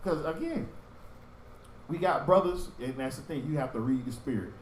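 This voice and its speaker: A man teaching a religious group in sermon style, with animated storytelling that acts out street talk. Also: high voice, a little fast, reverberant, distant mic, a little hiss or hum, rough recording.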